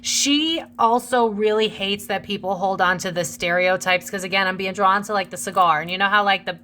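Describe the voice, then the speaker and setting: A woman's voice: medium pitch, moderate pace, sharp tone. Chatty young woman doing a tarot reading. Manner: chatty and gossipy, addresses viewers as besties. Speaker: tarot reader and channel host. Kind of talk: casual direct-to-camera tarot reading.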